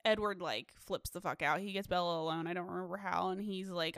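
A woman's voice: lowish voice, fast talker, hardly any pauses, fairly bright tone, no echo. A woman co-hosting a podcast, recapping a movie in casual, chatty talk, swearing freely and laughing often. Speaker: podcast co-host.

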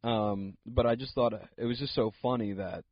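A man's voice: medium pitch, fairly even intonation, moderate pace. A young man hosting a solo comedy podcast, telling a rambling story full of fillers and asides. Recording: dull lo-fi dry sound.

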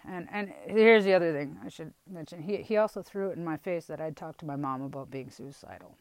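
A young woman from Wisconsin talks candidly about her past in a rambling, halting way, with frequent restarts and blunt swearing. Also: low-pitched, no room sound, poor audio. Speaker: vlogger telling a personal story. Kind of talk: candid personal storytelling.

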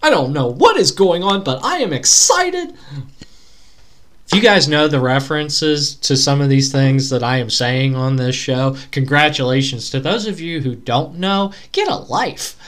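A man co-hosting a podcast on his own, rambling through casual chat. He gets excitable and often breaks into pleading outbursts. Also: medium pitch, normal speed, few pauses. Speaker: podcast co-host. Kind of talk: casual solo sports chat.

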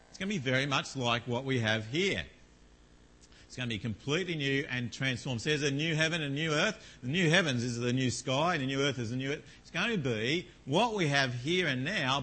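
A man's voice: mid-range voice, sharp tone, slight background noise, low-quality recording. A man preaching a sermon and leading a prayer in church, chatty and full of rhetorical questions to the congregation.

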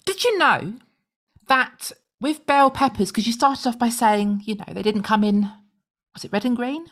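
A woman's voice: fairly high pitch, moderate pace, fairly bright tone. A woman co-hosting a podcast, chatting casually and explaining facts with dry jokes. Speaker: podcast co-host. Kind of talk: casual chat.

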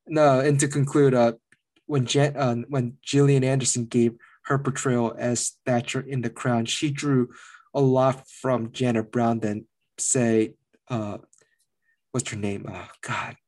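A man's voice: medium pitch, level tone, unhurried, darkish tone. Guy on a movie podcast just rambling, lots of "like"s. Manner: rambling, many fillers like "like". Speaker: podcast co-host. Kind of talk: casual movie review chat.

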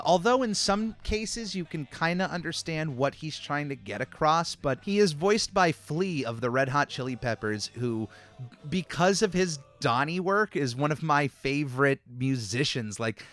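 A man's voice: mid-range voice, fairly bright tone. A man talking casually as a host about old cartoons, chatty with frequent fillers and restarts. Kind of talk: casual commentary.

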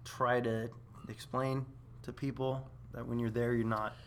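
A man casually telling a war story on a podcast, profane and animated, laughing as he goes. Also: mid-range voice, unhurried, slight background noise. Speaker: veteran storyteller.

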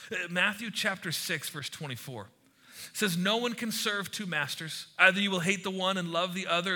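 A pastor in his thirties preaches to his congregation with a very bright, clear tone and a slightly high voice for a man. He talks casually, tells stories and slips into quick voices for the people in them. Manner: conversational and animated, with acted-out quotes and asides. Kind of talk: sermon.

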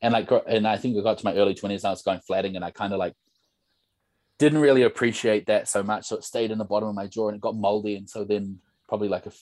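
A man's voice: fairly low pitch, steady tone, fast talker, a little mellow, dry recording. A young man, a podcast guest telling stories in a casual, rambling way full of "like" and "bro". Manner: rambling storyteller, lots of "like" and "bro". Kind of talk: casual chat.

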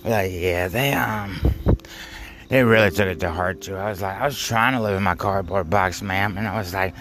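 A man rambling through an absurd monologue, halting and stammering, full of fillers and offhand swearing. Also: low voice. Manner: halting, stammering, repeats words, heavy fillers; profane, offhand. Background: music.

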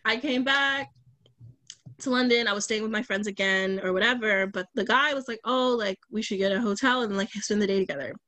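A woman's voice: mid-range voice, brisk, dry recording. Slangy young woman telling a story. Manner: animated, acts out quoted voices, slangy. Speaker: podcast guest. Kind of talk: casual storytelling chat.

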